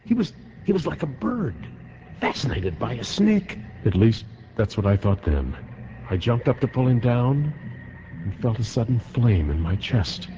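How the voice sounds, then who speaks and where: A man's voice: medium pitch, sing-song, a little slow, dark tone, slight background noise. A man giving a dramatic reading of a wartime letter, with wide swings in his voice. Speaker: reader of a letter. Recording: dull lo-fi recording.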